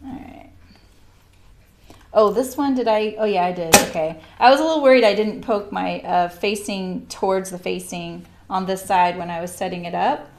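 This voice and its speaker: A woman's voice: mid-range voice, normal speed, darkish tone. A middle-aged woman hosting a live sewing stream, chatting casually and laughing often as she works. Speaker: sewing livestream host.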